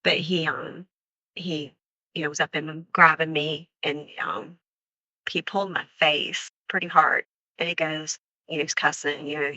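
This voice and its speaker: A woman tells of a frightening attack in an unscripted interview, halting, full of fillers, and acting out the quoted words. Her voice is bright and tense, pitched a little low. The recording is a dull, lo-fi archive clip that sounds dry and close. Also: fairly even intonation, dry recording. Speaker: crime survivor recounting an attack.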